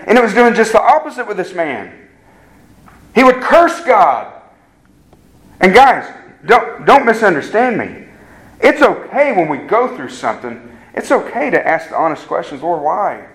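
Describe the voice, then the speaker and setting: A man's voice: high voice, a bit bright, low-quality recording. A man preaching a sermon as pastor, earnest and emphatic, often checking in with the congregation and restarting his words. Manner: repeats words when starting sentences.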